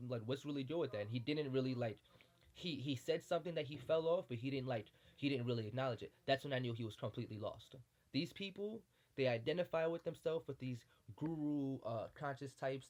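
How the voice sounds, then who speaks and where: A man talks in a heated, impassioned monologue, blunt and full of profanity. His voice sits in a middle pitch, and he keeps checking in with his listener as he presses his point. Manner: repeats "you know what I'm saying". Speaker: spiritual commentator.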